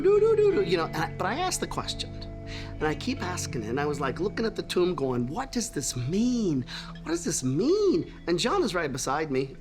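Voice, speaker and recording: An excitable, rambling apostle, played by a man in a comic church skit film, who thinks aloud. His voice swings widely up and down, and faint music plays underneath. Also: a little high. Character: impulsive chatty apostle Peter, adult man.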